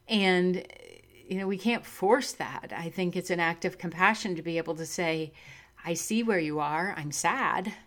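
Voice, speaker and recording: A middle-aged woman with a fairly low voice gives a reflective spiritual talk. She sounds earnest and open and laughs easily. She leans hard on the words she wants to land. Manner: earnest and warm, laughs easily, lively emphasis. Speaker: spiritual speaker.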